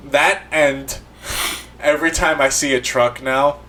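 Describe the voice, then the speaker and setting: A man's voice: mid-range voice, measured pace, a little hiss or hum. Guy cohosting a podcast, jokey, cusses a lot, medium voice. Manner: swears freely, animated and joking. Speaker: podcast co-host. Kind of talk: casual chat.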